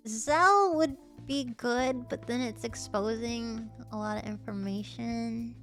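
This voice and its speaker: A woman streaming casually, bubbly and excitable, gasping and chatting to her viewers. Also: a little high, slow pace, soft background music. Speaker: livestreamer. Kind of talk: casual livestream chat.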